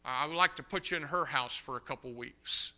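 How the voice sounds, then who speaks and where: A man preaching a sermon, telling a story with passion and swinging between loud bursts and hushed moments. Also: mid-range voice, brisk. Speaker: pastor.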